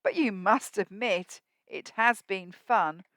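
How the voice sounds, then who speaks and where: A woman's voice: mid-range voice, expressive, slow pace, fairly bright tone, no echo, pitched below the performer's own voice. A woman doing a sly, scheming tomcat. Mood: conceding. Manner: smug, scheming. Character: sly mischievous male farm cat.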